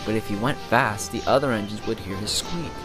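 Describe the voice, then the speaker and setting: A man narrating a children's train story in a lively storybook manner. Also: lowish voice, fairly quick, over music.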